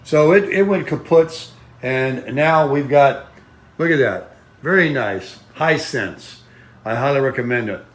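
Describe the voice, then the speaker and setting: A man's voice: mid-range voice, lively intonation, measured pace. A man talking in a casual, rambling, folksy vlog style. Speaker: vlogger.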